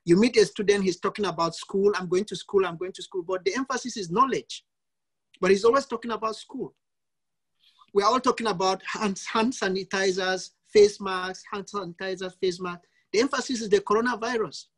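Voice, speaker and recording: A man's voice: high voice, fairly quick, breathy edge. Emphatic male priest teaching. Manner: emphatic, repeats lists of examples. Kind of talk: teaching talk in an online session.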